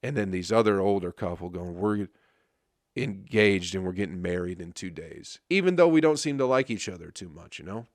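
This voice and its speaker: A man's voice: low-pitched, animated, moderate pace, dry recording, studio quality. A man who is a comedian, telling rambling, profane stories on his podcast and laughing at them. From Flint, Michigan. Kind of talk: casual storytelling monologue.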